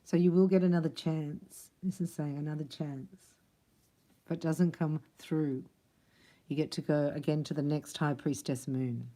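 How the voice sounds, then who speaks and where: A woman's voice: low voice, steady tone, moderate pace, mellow. Chatty, rambling woman reading tarot. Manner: chatty, rambling, laughs between thoughts. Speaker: tarot reader. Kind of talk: casual spoken tarot reading.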